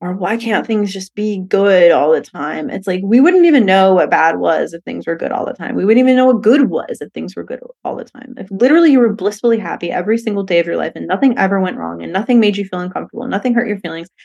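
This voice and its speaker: A woman hosts a solo podcast, talking quickly in a medium-pitched voice that's creaky and a little rough. Candid and profane, she laughs a lot and animatedly acts out the voices in her quotes, keeping the monologue casual.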